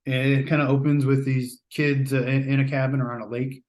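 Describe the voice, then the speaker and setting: An American man in casual review mode, talking through a movie he saw. His voice sits at an ordinary middle pitch, and he rambles a little, restarting sentences and dropping fillers along the way. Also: completely flat delivery, fairly quick, a little mellow. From United States. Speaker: podcast host reviewing a film.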